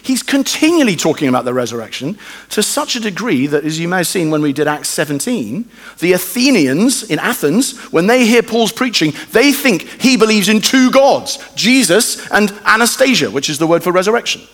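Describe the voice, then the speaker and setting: Brief: male preacher, animated and conversational, slightly high voice, long church-hall echo. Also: normal speed. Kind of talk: sermon.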